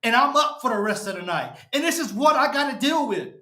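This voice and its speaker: Frustrated high-voiced man ranting. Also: lively intonation, a little fast, bright, forceful tone. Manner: frustrated, repetitive, keeps saying "man". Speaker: fan show host. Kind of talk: post-game fan rant. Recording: echoey room.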